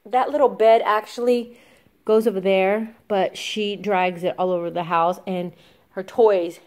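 A young woman chatting excitedly in a casual vlog, telling stories as she moves around her home and yard. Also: mid-range voice, unhurried. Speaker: vlogger and makeup artist.

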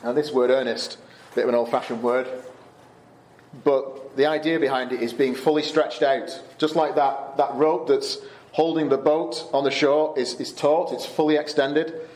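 Guy giving a bible talk to teens at camp, chatty, lots of ums and restarts, mid pitch, echoey room. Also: fairly even intonation, normal speed, a little mellow. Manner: conversational, with fillers and restarts. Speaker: camp speaker. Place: Canada.

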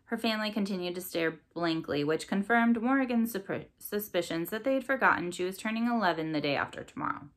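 A woman's voice: on the low side, fairly quick, hardly any pauses, a bit bright. A woman reading a novel aloud as a storybook reader, then chatting with listeners and asking their thoughts. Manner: friendly, chatty outro with questions to listeners.

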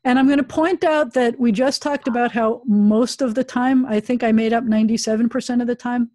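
A woman's voice: on the high side, steady tone, fairly quick, warm tone, no room sound. A woman rabbi teaching a Hebrew class over a video call, chatty and self-deprecating.

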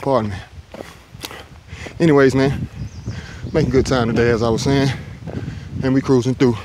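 A man's voice: medium pitch, fairly even intonation, normal speed, background noise. A man, vlogging casually as he hikes a forested mountain ridge, a little winded from the climb. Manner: laid-back, talkative, jokey. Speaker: thru-hiker vlogger. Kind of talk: casual hiking vlog.

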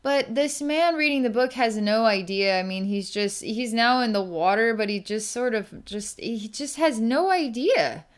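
A woman with a smooth, clear voice talks through a psychic healing vision. She pauses, restarts and gropes for words as she describes what she sees, speaking in the easy manner of someone thinking aloud. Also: on the high side, expressive. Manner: halting, searching, describes visions as they come. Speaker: psychic healer. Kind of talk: narrating a distance healing vision.

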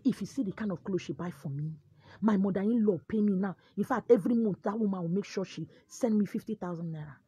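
A woman voicing an anxious young wife who pleads with a native doctor, in a Nigerian accent with a husky voice. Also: medium pitch, fast talker, warm tone, dry recording. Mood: gushing. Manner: pleading, insistent.

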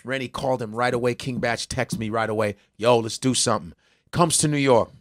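Middle-aged male comedian from Nigeria; loud, profane, slips into voices as he tells stories. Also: mid-range voice, a little fast. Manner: loud, profane, acts out people in quoted voices. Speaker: comedian guest. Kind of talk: animated storytelling with voices.

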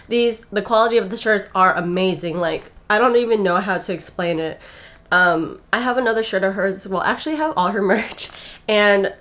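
A woman's voice: mid-range voice, a little fast, fairly bright tone. A young woman in her twenties gushes through a casual show-and-tell of her gifts, sounding a little out of breath. She chats easily and giggles often, recorded at home in her bedroom. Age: 20s. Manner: chatty and gushing, giggles often. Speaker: vlogger.

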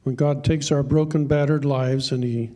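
A man's voice: medium pitch, fairly even intonation, moderate pace. A man preaching in a church service, who speaks earnestly in plain asides. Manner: soft aside, apologizes for a slip. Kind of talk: church talk between song lines. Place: church sanctuary.

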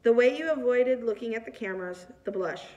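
A woman reading the lines of a calm female stylist in a storybook, in a reassuring tone, from a distant mic. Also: fairly high pitch, brisk, natural voice.

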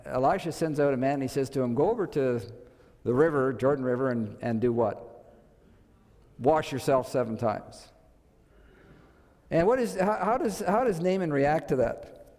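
A man preaching in a church sanctuary, talking to the congregation in an easygoing way and posing rhetorical questions. His voice sits at an ordinary mid pitch. A long reverb trails through the large room. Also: darkish tone, clean tone. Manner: conversational, asks rhetorical questions. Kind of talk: sermon.

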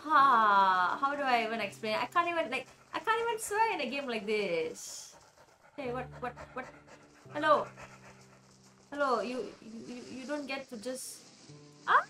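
A woman commentating her video game play, chatty and excitable, talking to the characters and swearing casually. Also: a little high, unhurried, pauses often. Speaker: gamer playing a video game. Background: soft game music.

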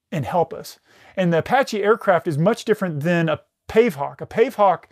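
Intense, profane middle-aged man, higher voice. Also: dry recording, clean studio sound. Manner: intense, heavy swearing, frequent restarts. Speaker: podcast guest, retired military rescue specialist. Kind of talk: recounting a combat story in casual conversation.

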